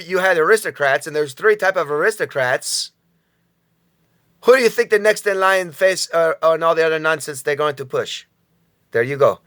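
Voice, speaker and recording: Casual vlogger, man, mid-pitched voice, rambling and profane, talks right at his viewers. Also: fairly bright tone. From United States. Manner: rambling, profane, addresses viewers directly, chuckles often. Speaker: vlogger commentator.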